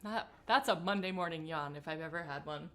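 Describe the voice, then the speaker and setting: A woman singing teacher leading a guided vocal warm-up on a livestream, relaxed and encouraging as she greets viewers by name. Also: sits low, fairly quick.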